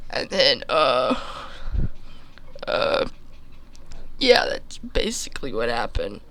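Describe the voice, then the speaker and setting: A man's voice: medium pitch, wildly swooping pitch, slow pace, bright, forceful tone. A man telling an absurd comic story in a rambling way, with many restarts. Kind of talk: comedic storytelling.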